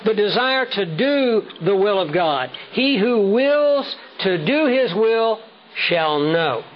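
A man preaching a sermon with measured, emphatic delivery, slowing down to stress key words. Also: high voice, lively intonation. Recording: dull lo-fi sound with faint noise.

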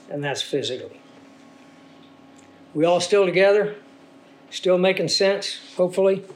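A man preaching a sermon, teaching with rhetorical questions to the congregation and sounding a little congested. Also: a little high. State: congested from a sinus infection. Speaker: pastor.

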